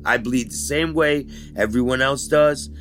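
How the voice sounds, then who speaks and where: A man bluntly recounting his rough youth in an interview, talking in street slang and swearing freely. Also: medium pitch, measured pace, a bit bright, soft background music. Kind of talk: candid life-story interview.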